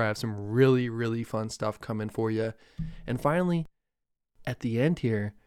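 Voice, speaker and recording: A young man from New Jersey hosting a cannabis news show, talking loosely and excitably with a lot of profanity. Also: mid-range voice, clean tone, no room sound, studio quality. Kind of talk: casual news commentary.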